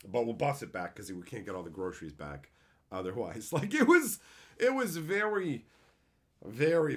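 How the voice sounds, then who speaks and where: Man on a livestream, casual chat, lively swinging pitch, loud bursts then low murmurs, swears freely. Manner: animated, swings between loud excited reading of chat and low reflective storytelling. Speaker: streamer.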